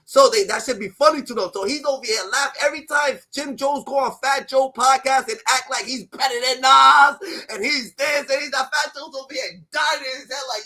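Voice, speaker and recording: Man, New York accent, streamer, heated rant, very high pitch, bright sharp tone. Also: moderate pace. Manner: profane, repeats filler "da, da, da". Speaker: streamer commentator.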